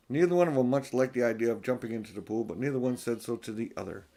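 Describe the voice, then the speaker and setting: An older man narrating a children's audiobook in a gentle, expressive, grandfatherly way. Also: medium pitch, fast talker. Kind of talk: storybook narration.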